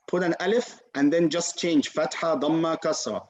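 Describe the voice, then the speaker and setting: Man, patient teacher, fairly high voice, muffled call audio, demonstrates sounds. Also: moderate pace, hardly any pauses. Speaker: Quran recitation teacher. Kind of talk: online class teaching. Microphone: video call.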